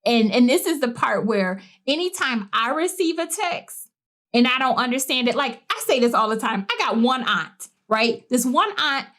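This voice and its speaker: A woman talking on a casual podcast with a fairly high voice. She tells stories emphatically and with lots of animation, slipping into the voices of the people she quotes. Her delivery is relaxed and conversational. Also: normal speed. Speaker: podcast co-host. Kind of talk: casual chat.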